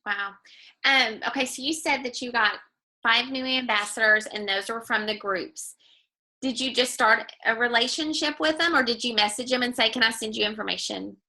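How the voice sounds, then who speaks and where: A woman's voice: on the high side, moderate pace, pushed and bright, rough recording. A woman from Texas hosting a team call, eagerly asking her guest questions. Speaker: call host.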